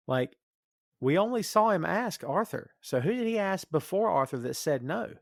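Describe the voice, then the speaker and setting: A man in casual podcast chat about a film, lively and talkative, often jumping into playful quoted reactions. His voice sits in a middle register. The sound is dry and close, with no room around it. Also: mid-range voice, moderate pace, vocal fry, dry recording. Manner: animated, acts out reactions in quoted asides. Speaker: podcast co-host. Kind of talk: casual movie review chat.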